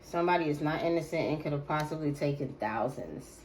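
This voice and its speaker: A woman's voice: sits low, darkish tone, slight background noise, rough recording. A woman giving a casual, slangy tarot reading to her viewers, repeating phrases and drawing words out. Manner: slangy, drawn-out repetitions. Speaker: tarot reader.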